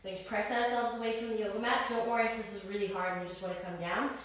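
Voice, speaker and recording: A woman's voice: medium pitch, steady tone, very fast. A young woman leading a guided yoga class, cueing breaths and poses in an encouraging way, a little out of breath. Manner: encouraging cues, breath counting. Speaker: yoga instructor. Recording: echoey room, voice from far off.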